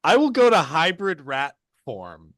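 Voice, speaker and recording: A man's voice: fairly high pitch, wildly swooping pitch, a little slow, a bit bright, no echo, clean studio sound. A man playing a tabletop role-playing game, talking casually in a rambling way with many fillers and laughs. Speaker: player.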